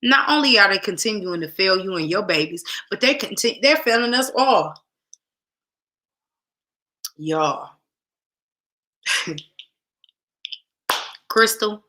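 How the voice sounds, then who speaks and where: On her casual talk show, a female host speaks straight to the audience with emphasis, repeating phrases for weight. Her mid-range voice is pushed and bright with lively intonation, and she speaks slowly, pausing often.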